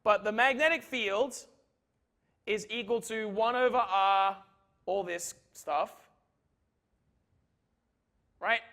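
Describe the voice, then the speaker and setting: Man, physics lecturer, high pitch, bright voice, chatty, jokey, keeps asking "right?". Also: slow, long pauses. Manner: chatty, joking, full of "right?" checks. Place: lecture hall.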